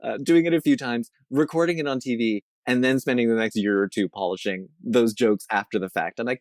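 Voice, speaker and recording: A man's voice: mid-range voice, brisk, hardly any pauses, a little mellow, no echo. Man, interview guest, rambling, self-mocking, dry recording. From Canada. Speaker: guest, veterinarian and comedian. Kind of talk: casual interview chat.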